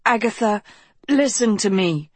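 A woman's voice: medium pitch, lively intonation, measured pace, breathy edge, no room sound, pitched above the performer's own voice. A woman voicing a young elfin boy who pleads with a wavering, tearful voice. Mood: pleading. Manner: pleading, voice wavering near tears.

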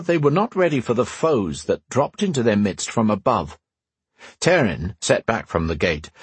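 A man giving steady, measured scripted narration of a fantasy audiobook in a slightly husky voice. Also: lowish voice, no echo.

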